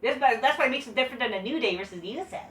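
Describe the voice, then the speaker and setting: A woman's voice: on the high side, expressive, rapid-fire, a bit bright. A woman reviewing wrestling shows in a profane, scornful, dismissive casual rant. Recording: echoey room, distant mic.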